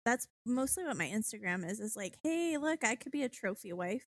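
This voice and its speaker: A young woman guest chats playfully and laughs a lot. Her voice sits fairly high and sounds dry and close to the mic. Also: lively intonation, a little fast, no echo. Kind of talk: casual chat.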